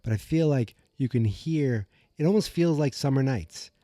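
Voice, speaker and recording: A man's voice: mid-range voice, expressive, moderate pace, mellow, no room sound, clean studio sound. A man hosting a podcast, musing and rambling through a casual episode recap with many fillers, from a room at home. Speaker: podcast host. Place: room at home with the door open. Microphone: podcast mic.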